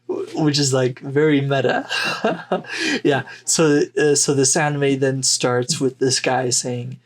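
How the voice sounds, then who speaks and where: Male podcast co-host, unhurried rambling delivery. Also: mid-range voice, flat delivery. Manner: rambling, unhurried, many fillers. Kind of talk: casual chat.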